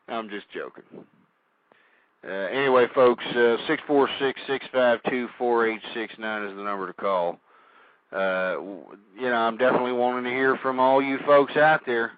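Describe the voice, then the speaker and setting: A man hosting a call-in internet radio show, ranting vulgarly and shouting with passion. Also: mid-range voice, normal speed, no echo, phone-quality sound. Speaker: radio talk show host.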